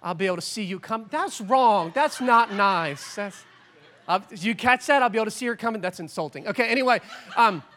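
A man in his forties preaching a sermon as pastor, animated and joking, with sudden loud bursts. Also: high-pitched, a little fast, a little hiss or hum.

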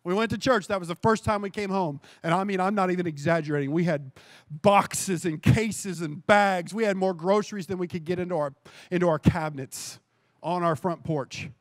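Male pastor, high pitch, dry close sound; lively sermon testimony, repeats phrases for emphasis. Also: normal speed, no room sound.

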